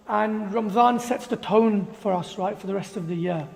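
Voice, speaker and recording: A man's voice: high-pitched, moderate pace, vocal fry, a little mellow. A man giving a motivational talk to a group, emphatic and firing rhetorical questions. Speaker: motivational speaker. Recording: echoey hall with faint music.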